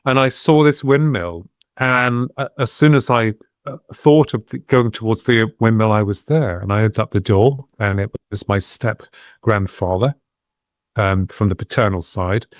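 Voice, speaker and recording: A man with a fairly low voice tells a long personal story in a reflective, wandering way. He often pauses and restarts his sentences as he goes. The sound is dry and close. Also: no room sound. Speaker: guest, medium and UFO researcher. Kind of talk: casual podcast interview storytelling.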